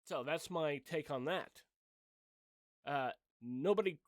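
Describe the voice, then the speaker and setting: A middle-aged man delivers a heated opinion rant for his channel, swearing freely and talking bluntly. His voice sits on the higher side and he takes his time with the words. The sound is dry and close. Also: unhurried, dry recording. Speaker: channel host.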